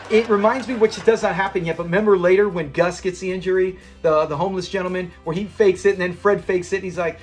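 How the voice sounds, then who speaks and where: Guy with a high voice rambling through an episode recap, faint music behind. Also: steady tone, quick pace, few pauses. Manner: enthusiastic, rambling retelling. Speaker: episode reviewer.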